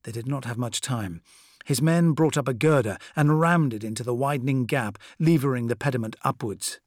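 A man's voice: medium pitch, no room sound. Man narrating a war story, dry close sound. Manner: measured, dramatic storytelling. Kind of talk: scripted audiobook narration.

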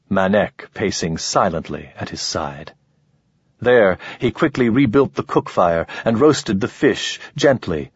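A low, husky male narrator reads a story in a measured, even way. The recording is dry and a little dull. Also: no echo. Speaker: audiobook narrator. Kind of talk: scripted narration.

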